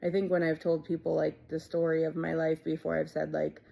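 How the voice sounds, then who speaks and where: A woman in her thirties tells a personal story in a low, heavily gravelly voice with a dark, mellow tone. She speaks casually and haltingly, with frequent fillers and asides that drop to near a murmur. Her pitch stays flat and even throughout. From Ohio, USA. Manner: halting, many fillers and quiet trailing asides. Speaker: storyteller recounting her life.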